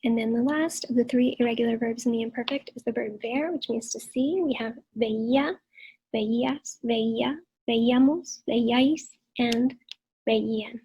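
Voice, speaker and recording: A woman teaching a recorded grammar lesson. She explains patiently and draws out her examples slowly. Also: fairly high pitch, dark tone, poor audio. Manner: clear explanatory teacher talk, drawn-out examples. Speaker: Spanish teacher.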